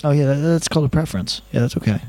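A man's voice: a little high, expressive, very fast, mellow, dry recording, voice pushed up, lightly acted. A man voicing a group of cheerful women at a party who brush off his worries in a breezy, reassuring tone. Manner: easygoing, reassuring.

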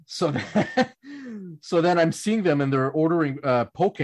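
A man's voice: on the high side, very animated, measured pace, no room sound. Laughing man telling hockey stories. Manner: rambling anecdotes with frequent laughs and restarts. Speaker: podcast panelist. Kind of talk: casual storytelling chat.

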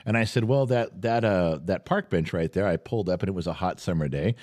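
A middle-aged man hosting a podcast, telling a story in casual chat with animated, exasperated delivery. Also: sits low, brisk. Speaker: podcast host. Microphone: studio podcast mic.

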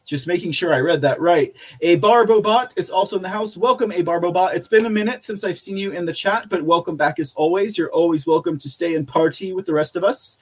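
A man's voice: high-pitched, fairly quick, hardly any pauses, breathy edge. A man hosting a live podcast, reading out viewer chat in a casual, rambling way with lots of fillers and frequent laughter. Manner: chatty, rambling, laughs often, many fillers. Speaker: podcast host.

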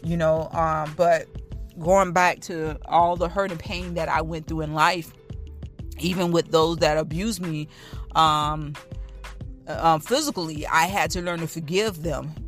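A woman's voice: low-pitched, steady tone, measured pace, faint music behind. A woman in her thirties giving a candid personal testimony, talking straight to her listeners in an earnest, repetitive way. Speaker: speaker sharing her testimony.

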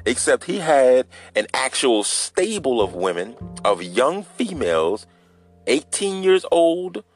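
A man hosting a casual solo podcast, telling a story in a loose, rambling way and talking straight to his listeners. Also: medium pitch. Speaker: podcast host.

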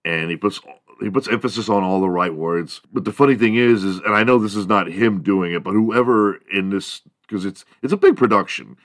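Male podcast host, fairly low voice, dry close sound, loose swearing comic rant, slips into squeaky impressions. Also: brisk, a bit bright, no echo. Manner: rambling, profane, laughs at own jokes; mimics other people in high squeaky voices. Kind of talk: solo comedic monologue.

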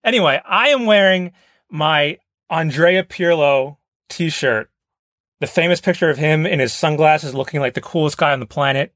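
A man's voice: fairly high pitch, moderate pace, fairly bright tone, no room sound. Dry-voiced joking podcast host, a man. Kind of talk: comedic podcast chat.

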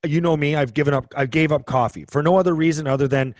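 Speaking fast in a fairly high voice, the ex-hockey player co-hosting the podcast wanders through casual, rambling stories packed with restarts. There's no reverb on the dry recording.

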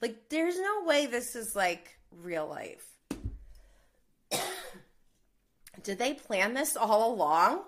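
A woman in her thirties chats casually about reality TV gossip, her slightly high voice swinging widely in pitch as she talks slowly with long pauses. She's a reality TV commentator who fills her talk with "like"s, laughs between lines, and breaks into indignant outbursts. There's slight background noise.

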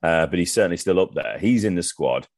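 A man's voice: deep voice, lively intonation, a little fast, a little mellow, dry recording, clean studio sound. A man co-hosting a casual sports podcast. He is enthusiastic and chatty, and reads through lists. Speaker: podcast co-host.

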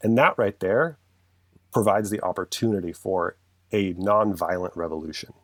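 Deep-voiced man talking passionately, dry sound. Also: moderate pace, fairly bright tone, dry recording. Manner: earnest, passionate, rambling with restarts. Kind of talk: casual conversational chat.

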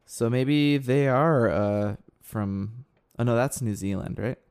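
A man's voice: medium pitch, slow pace, darkish tone, smooth. A man trades wry jokes while chatting casually on a podcast. His asides come off dry and offhand. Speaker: podcast co-host. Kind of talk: casual chat.

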